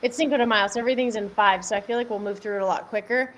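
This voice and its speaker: A woman's voice: fairly high pitch, steady tone, rapid-fire, fairly bright tone. Young woman, upbeat chatty fitness coach, home live stream, faint background hiss. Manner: upbeat, chatty, answers viewers by name, laughs often. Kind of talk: live-stream workout instruction. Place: home workout space. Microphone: camera mic at home.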